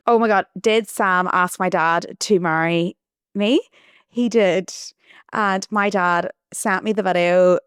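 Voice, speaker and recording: A woman's voice: lowish voice, smooth, no echo, clean studio sound. A young woman hosting a podcast, telling a personal story in a chatty, rambling way full of restarts. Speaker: podcast host. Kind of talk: casual storytelling monologue.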